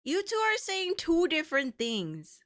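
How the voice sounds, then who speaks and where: A woman's voice: very high voice, wildly swooping pitch, a little slow, fairly bright tone, dry recording, studio quality. A young woman chatting playfully and giggling with her viewers while streaming a game. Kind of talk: casual livestream chat.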